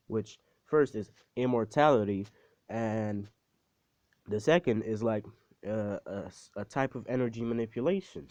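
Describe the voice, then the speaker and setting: A man's voice: lowish voice, a little slow, a little mellow, dry recording. Young man rambling through a profane storytime. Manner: profane, rambling, self-deprecating slang. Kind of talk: casual storytime retelling. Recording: dull, dry close recording.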